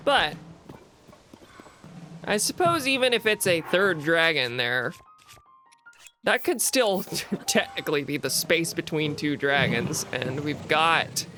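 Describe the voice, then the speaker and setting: A man streaming a video game, thinking out loud in casual commentary and poking fun at himself. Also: on the high side. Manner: musing aloud, self-mocking, quick laughs. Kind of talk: casual let's-play commentary. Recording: faint game music behind.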